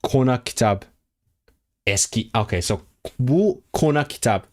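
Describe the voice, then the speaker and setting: Animated but a little slow, a mid-range male voice narrates his casual language study on a livestream, thinking aloud and repeating foreign words to get them down.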